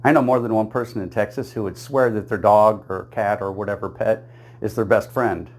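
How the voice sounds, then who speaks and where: A man's voice: fairly low pitch, fairly even intonation, moderate pace. A man telling a string of jokes in a plain storytelling voice, chuckling at his own punchlines and switching briefly into small character voices for the quoted lines. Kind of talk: joke-telling monologue.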